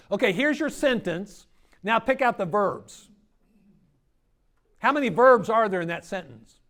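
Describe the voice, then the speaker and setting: A middle-aged man preaching a sermon at a church grief workshop, teaching with rhetorical questions to his audience. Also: high-pitched. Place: church hall.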